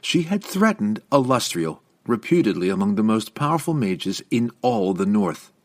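A man reading a fantasy novel aloud as narrator, with an expressive, varied delivery. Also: on the low side, normal speed, dry recording. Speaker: audiobook narrator.

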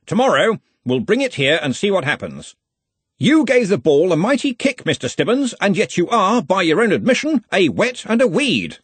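A man voicing a bluff, loud, jovial old male wizard who gives commands. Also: sits high, sing-song, normal speed, slightly rough, no echo, pitched above the performer's own voice, heavily acted.

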